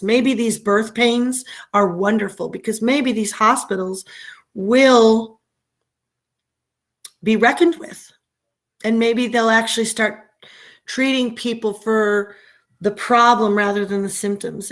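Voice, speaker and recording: A middle-aged woman hosting a casual livestream, impassioned and often repeating herself, her stream sometimes choppy. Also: mid-range voice. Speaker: livestream host. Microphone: internet stream with choppy audio.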